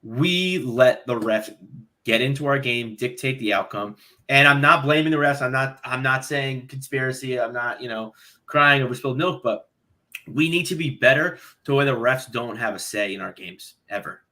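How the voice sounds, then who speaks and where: Bright-voiced man ranting casually. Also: medium pitch, moderate pace. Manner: blunt, fired-up, swears freely. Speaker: podcast panelist. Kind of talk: casual football chat.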